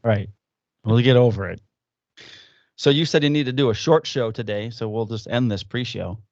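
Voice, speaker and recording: A man's voice: mid-range voice, moderate pace, a little mellow, no room sound, highs cut off. A man co-hosting a podcast, chatting loosely and swearing through easygoing banter. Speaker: podcast co-host. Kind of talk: casual chat. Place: at home, recording remotely.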